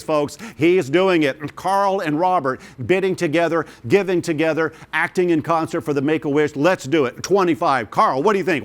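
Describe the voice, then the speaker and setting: A man running a live virtual charity auction, urging bidders on with energetic, rhythmic repeated bid calls. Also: on the high side. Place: studio of a virtual gala broadcast.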